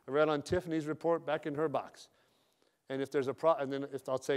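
A man motivates a group of loan officers with a sales talk, his slightly high voice brisk, steady, and clean in tone. He comes off as a no-nonsense manager, speaking casually and directly with slang and deadpan jokes.

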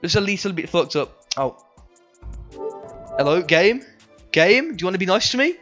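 A man's voice: high voice, sing-song, moderate pace, fairly bright tone, soft background music. A young man livestreaming a game, bantering with chat in a sweary, joking way. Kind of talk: live game streaming chat.

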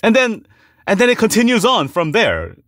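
An enthusiastic male podcast host asks his guest about his work. His voice is bright and forward, and it swings widely in pitch. The recording is dry and close. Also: huge pitch swings, moderate pace, no echo. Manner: enthusiastic, encouraging. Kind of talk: casual podcast interview.

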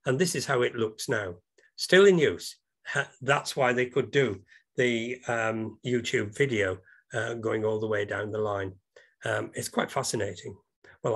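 A man's voice: mid-range voice, vocal fry, a bit bright, slightly rough. A British man giving an informal slide talk over a video call, rambling and hesitant with many ums, breaking into enthusiastic asides. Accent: British English.

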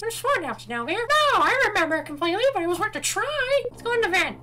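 A woman doing casual let's play commentary, excitable and quick to swear, reacting loudly to the game. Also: very high voice, very noisy. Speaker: gameplay commentator. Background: game music.

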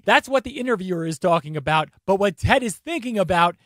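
High-voiced male commentary host. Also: fast, dry recording, studio quality. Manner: animated, mocking asides. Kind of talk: casual video commentary.

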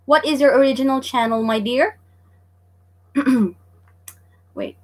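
Woman, livestream teacher, high and bright, chatty, giggly, greets chat. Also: takes it slowly. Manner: bubbly, laughs often, greets chat viewers by name. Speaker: online Japanese teacher. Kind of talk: livestream lesson, chatty quiz hosting.

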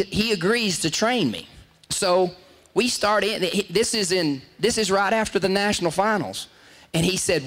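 Rambling man telling stories. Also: a little high. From Texas. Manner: rambling, self-interrupting, laughs at own stories. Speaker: show host. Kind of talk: casual storytelling.

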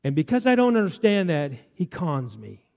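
A man with a high-pitched voice preaches an earnest sermon as pastor. He slows down deliberately whenever he reads scripture aloud. His voice rings out with the long reverb of a church hall. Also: sing-song, vocal fry, darkish tone. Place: church sanctuary.

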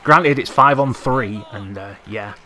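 A young man commentating live on his own gameplay, excitable, swearing and yelling at the game. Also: medium pitch, unhurried. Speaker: gaming commentator.

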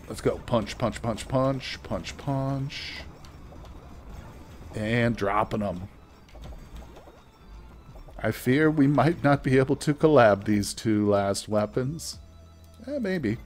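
A man giving casual, chatty gameplay commentary as a let's play host, joking with his viewers as he plays. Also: on the low side.

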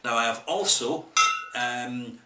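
A man's voice: mid-range voice, slow, heavy background noise. A Scottish man chatting casually through a whisky review, rambling into asides, in an echoey room.

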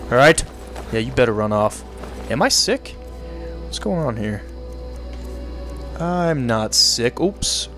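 A man giving joking let's-play commentary, partly in character, often laughing and yelling at enemies. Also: mid-range voice, sing-song, slow, long pauses, music in the background. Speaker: gaming video creator.

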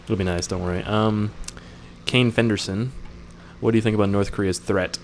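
A man's voice: fairly low pitch, steady tone, moderate pace, a little hiss or hum. A young man reading viewer questions aloud and answering them in a casual, joking way, swearing now and then.

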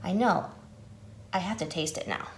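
A woman's voice: fairly low pitch, normal speed, a little hiss or hum, lightly acted. A woman voicing a greedy pig who loves to taste food, pouting and full of appetite in a storybook read-aloud. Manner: pouty, greedy.

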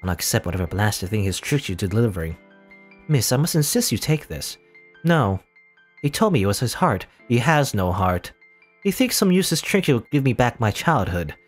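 A man's voice: medium pitch, big pitch swings, moderate pace, soft background music. Man reading as a bitter young woman. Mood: contemptuous. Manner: cold, contemptuous. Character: bitter young woman rejecting her father.

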